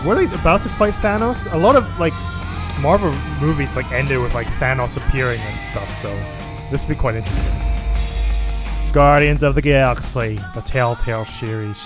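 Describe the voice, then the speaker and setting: A young man giving casual, excitable let's-play commentary as a gaming YouTuber, swearing freely. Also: mid-range voice, normal speed. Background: game audio with music.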